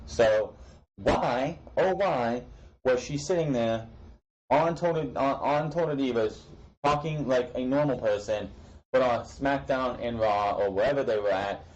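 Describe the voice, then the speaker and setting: Young guy ranting about wrestling, blunt and opinionated, trips over his words, mid pitch voice. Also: highs cut off. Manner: stumbling restarts, swears casually. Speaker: wrestling show reviewer. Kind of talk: casual recap and commentary.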